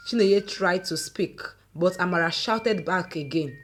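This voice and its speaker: A woman, reading a dramatic folk story aloud in a lively, folksy manner. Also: on the low side, normal speed, few pauses, a little hiss or hum. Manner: lively folksy narration with local similes. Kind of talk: scripted story narration.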